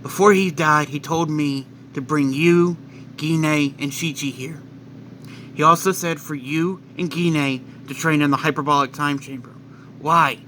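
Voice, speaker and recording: A man's voice: on the high side, fairly even intonation, a little slow, pushed and bright, a little hiss or hum. Man doing a grave proud warrior prince.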